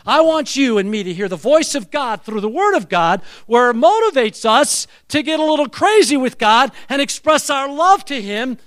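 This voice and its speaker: A man's voice: very high voice, big pitch swings, moderate pace, few pauses, a bit bright. A man preaching a sermon, telling stories with animation and leading the congregation in call-and-response.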